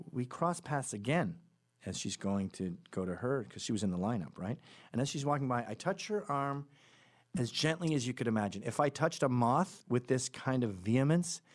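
A man tells a rambling anecdote on his podcast, stepping away from it for asides and fixing his words as he goes. His pitch swings widely, and he slips into the voices of the people he describes. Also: big pitch swings, moderate pace. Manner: acts out quoted voices in the stories. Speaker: podcast host. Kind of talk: casual storytelling monologue.

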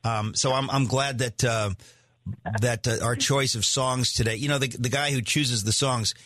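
A man's voice: medium pitch, steady tone, normal speed, a bit bright, no echo. Chatty male radio host, dry studio sound. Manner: chatty, eager, laughs often, many restarts. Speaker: radio talk show host. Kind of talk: casual interview chat.

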